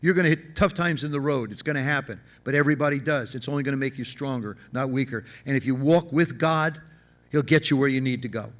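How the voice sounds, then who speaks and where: A man's voice: medium pitch, fast. A man guest speaker at a banquet, talking in a folksy, emphatic way and often repeating himself. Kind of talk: stage interview and charity auction. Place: large banquet hall event.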